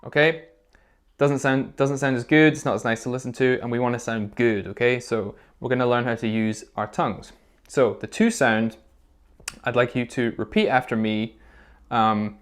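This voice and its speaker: A man's voice: medium pitch, steady tone, moderate pace. A male music teacher leading a recorder lesson video for children. He explains things patiently, step by step, and often checks in with "okay?". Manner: encouraging, checks in with frequent "okay?".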